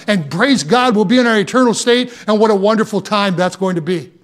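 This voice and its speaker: A man with a strikingly high-pitched voice delivers a sermon. He preaches with fervor, stumbling over repeated words as his emphasis rises. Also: a little fast, hardly any pauses. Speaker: pastor.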